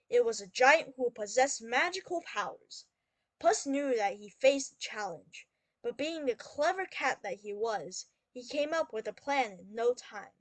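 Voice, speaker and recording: Slow, dry-voiced woman reading a fairy tale. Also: a little high, no echo. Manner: slow, clear, explains then reads aloud. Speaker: English teacher reading a story. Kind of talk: storybook read-aloud for learners.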